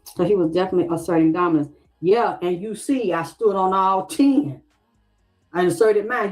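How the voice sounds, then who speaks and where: A woman's voice: mid-range voice, moderate pace, darkish tone, faint music behind, rough recording. A middle-aged woman talking straight to her viewers in a heated, profane livestream rant, acting out what others said to her.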